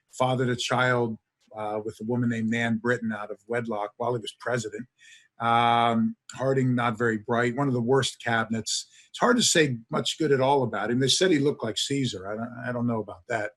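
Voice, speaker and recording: A man's voice: mid-range voice, fairly bright tone. A man, a history professor, lecturing to an audience with enthusiastic storytelling and frequent filler sounds.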